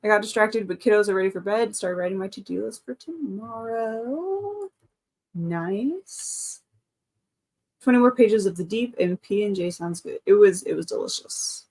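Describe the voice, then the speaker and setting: A woman's voice: mid-range voice, animated, normal speed, a little mellow. A woman in her thirties hosting a casual live stream from home, chatting and reading out chat comments. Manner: chatty, reads out chat comments, frequent laughs. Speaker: livestream host.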